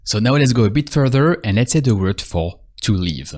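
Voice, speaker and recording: A man teaching a language lesson, patient and repetitive, pausing so the learner can answer. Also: medium pitch, lively intonation, a little mellow. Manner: slow, patient, repeats phrases and pauses for the learner. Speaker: French teacher. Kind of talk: calm spoken language lesson.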